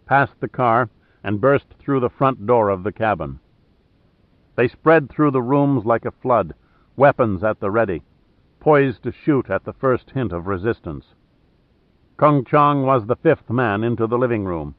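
A man narrating a thriller audiobook in a steady, measured way. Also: medium pitch, no room sound. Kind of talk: scripted narration. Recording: dry, tinny phone-like sound.

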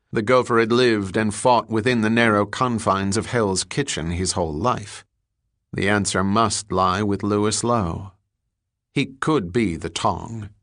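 A man narrating an audiobook in an even, steady storytelling manner. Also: fairly low pitch, no room sound, studio quality. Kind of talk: scripted narration.

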